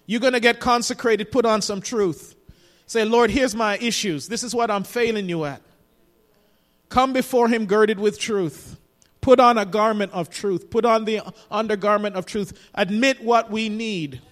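A man's voice: high-pitched, moderate pace, a bit bright. A man preaching a sermon as pastor, building emphasis with repeated phrases, recorded in a church sanctuary. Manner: preaching with rising emphasis and repetition. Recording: long hall reverb.

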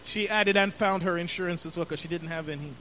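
A man's voice: high voice, fast, sharp tone, a little hiss or hum. A middle-aged man preaching a sermon as pastor, emphatic and repeating key phrases for stress.

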